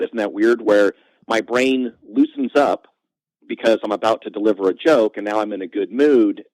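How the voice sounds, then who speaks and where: A man with a fairly low voice, recorded close and dry with almost no room sound. He tells self-mocking stories as a podcast guest, jumping up in pitch when the punchline lands. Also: no echo, rough recording. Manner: animated, self-mocking anecdotes with quick pitch jumps. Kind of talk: conversational storytelling.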